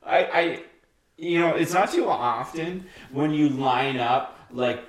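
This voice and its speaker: A man's voice: a little high, slow pace, echoey room. A man co-hosting a casual beer-tasting chat, laid-back and agreeable, talking in easy slang. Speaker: co-host.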